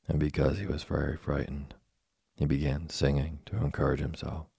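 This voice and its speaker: A man reading a classic children's story aloud as a slow, soft, monotone sleep story. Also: extremely low pitch, gravelly, slightly rough, no room sound, clean studio sound. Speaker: narrator. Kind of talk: scripted sleep story narration.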